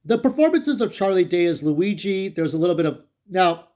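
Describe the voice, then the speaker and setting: A man giving a casual, rambling spoken movie review, often restarting his sentences and jumping up when excited. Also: sits high, brisk. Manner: rambling, with frequent restarts and fillers.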